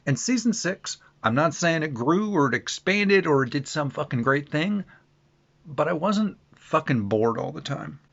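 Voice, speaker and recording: A man's voice: medium pitch, fairly bright tone. A man giving a casual, blunt, profanity-laced review. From Canada. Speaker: video reviewer. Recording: muffled lo-fi audio.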